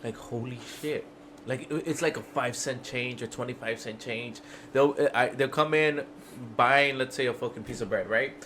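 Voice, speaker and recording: A man's voice: medium pitch, moderate pace, sharp tone, slight background noise. A man on a podcast as a guest, telling a casual, profane work story that keeps breaking into laughter. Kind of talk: casual chat.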